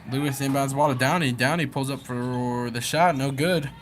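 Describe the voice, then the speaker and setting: A man's voice: medium pitch, normal speed. A young man doing easygoing, slightly unpolished play-by-play commentary for a school basketball game. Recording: noisy gym ambience behind.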